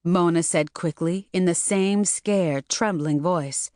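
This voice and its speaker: A woman narrating an audiobook in an even, measured, scripted reading. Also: on the low side, dry recording, studio quality.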